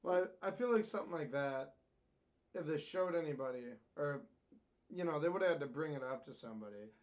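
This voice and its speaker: A man's voice: a little high, lively intonation, brisk. A man co-hosting a podcast, chiming in with laid-back, crude reactions and comments. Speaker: podcast co-host. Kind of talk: casual chat.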